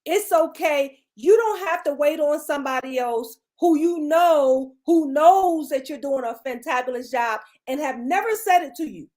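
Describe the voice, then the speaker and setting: A woman's voice: sits high, moderate pace, hardly any pauses, darkish tone. A middle-aged woman guest, a beauty coach, giving encouraging, repetitive pep talk with a preachy cadence. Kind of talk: casual motivational chat.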